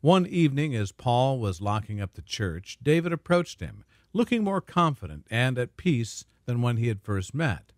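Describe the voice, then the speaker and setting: A man narrating a scripted dramatic story in a smooth, even storytelling manner. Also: medium pitch, normal speed, no room sound, clean studio sound.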